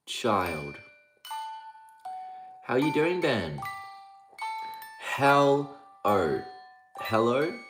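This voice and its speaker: Slow-talking streamer over music. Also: mid-range voice. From Australia (Victoria). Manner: sing-song rhyming patter, greets chatters by name. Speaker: livestream host. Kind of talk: casual livestream chat. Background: music playing.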